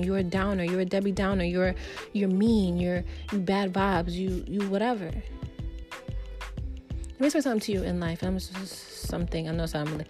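A woman talking straight to her viewers, giving motivational life advice in a loose, emphatic, preachy way full of fillers and repeats. Faint music plays softly behind her voice. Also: fairly low pitch, fairly even intonation, normal speed. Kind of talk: casual motivational talk to camera.

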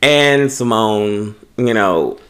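A man's voice: on the low side, extremely slow, a bit bright. Dry-quipping podcast co-host man. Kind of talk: casual chat recapping reality TV.

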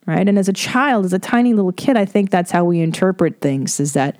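A woman's voice: on the low side, animated, fairly quick, few pauses, a little mellow. Candid, profane woman podcast host. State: tearful. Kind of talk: casual monologue.

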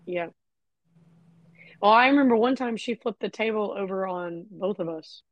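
A woman's voice: medium pitch, moderate pace, dry recording, highs cut off. A young adult woman co-hosting a podcast, telling frank, profane stories in casual chat. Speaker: podcast co-host.

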